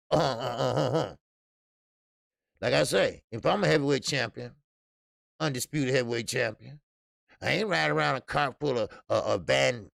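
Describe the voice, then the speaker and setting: Gravelly man riffing on boxing. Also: a little high, a bit bright, no room sound, clean studio sound. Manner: blunt, profane, laughs often, greets chat viewers. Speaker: boxing show host. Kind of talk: casual live-stream commentary.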